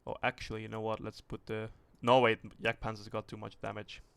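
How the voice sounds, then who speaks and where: A man streaming a tank game live, thinking aloud in a rambling, relaxed way and swearing casually as he sets up a test with viewers. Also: fairly low pitch, a little fast, creaky, smooth. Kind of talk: casual livestream commentary.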